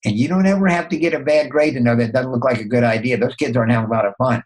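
An older man with a mid-range voice speaks as a podcast guest, telling motivational stories. He shifts his pitch sharply as he acts out his own inner dialogue. He often stumbles, restarts and repeats words. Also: rapid-fire, darkish tone, poor audio. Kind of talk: motivational storytelling.

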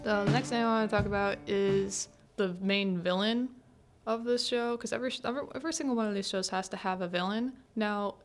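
A young woman hosting a student podcast, retelling scenes in a chatty, animated way with lots of filler words and acted-out quotes. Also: medium pitch, fairly quick, faint music behind. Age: young adult. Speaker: podcast host. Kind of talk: casual solo podcast recap.

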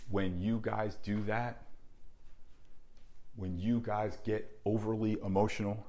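Blunt, intense man hosting a podcast. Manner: blunt and intense, dropping low and quiet for emphasis. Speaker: podcast host and baseball pitching coach. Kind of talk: earnest podcast monologue.

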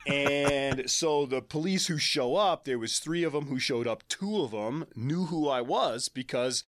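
A man in his forties shares his own story as a podcast guest, speaking candidly and conversationally and laughing here and there. His voice sits in a middle pitch. The recording is dry and close, with no room echo. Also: expressive, a little slow, a bit bright.

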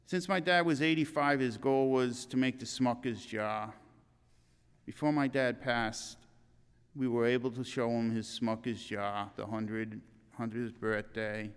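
An older man giving a eulogy in a church, reading in an earnest, halting way with restarts. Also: mid-range voice, fairly even intonation, clear, resonant tone, big-room sound.

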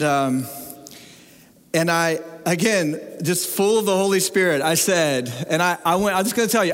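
A middle-aged man preaching a sermon as pastor, telling stories in an animated, humorous way. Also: high-pitched. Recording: long reverb of a large hall.

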